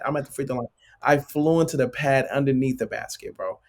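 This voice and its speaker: A man in his late thirties, a guest, relates his stories in a loose, rambling way, with plenty of filler words and a habit of adding "bro". His voice sits at an ordinary middle pitch. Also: fairly quick. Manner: loose and filler-heavy, constant "like" and "bro", animated retelling. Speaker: professional basketball player, guest. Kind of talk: casual storytelling interview.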